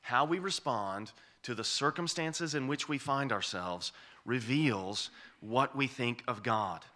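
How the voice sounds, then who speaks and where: A man's voice: mid-range voice, bright, forceful tone. A man preaching an expository sermon, emphatic and repeating key phrases for weight.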